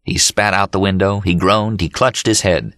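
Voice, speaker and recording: Deep guy reading an audiobook, steady, dry studio sound. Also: normal speed, no echo. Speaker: audiobook narrator. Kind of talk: scripted narration. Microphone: studio mic.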